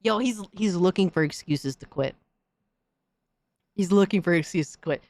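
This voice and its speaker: A woman hosting a stream, chatting casually and reacting with excitable, profane trash talk. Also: on the low side, normal speed, no room sound. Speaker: streamer host.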